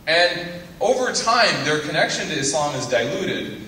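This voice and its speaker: A man's voice: a little high, very animated, moderate pace, pushed and bright. A young man giving a guest lecture to students, full of teasing asides and jokes. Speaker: guest speaker. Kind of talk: joking lecture to a student audience. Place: lecture hall. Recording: echoey hall from far off, faint noise.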